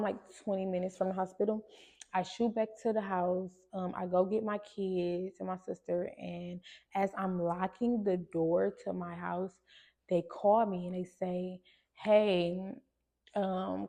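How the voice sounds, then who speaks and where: A woman's voice: mid-range voice, gravelly, dark tone. A woman, hosting a podcast and telling a personal story to listeners in a conversational way, full of fillers and restarts. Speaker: podcast host.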